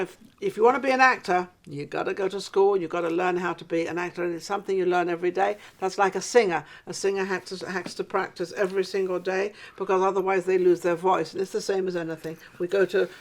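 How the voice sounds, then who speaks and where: A British woman hosting a casual interview show in a studio, chatty and rambling, quick to agree with her guest. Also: on the low side, steady tone. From Britain. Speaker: talk show host. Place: studio in an office building.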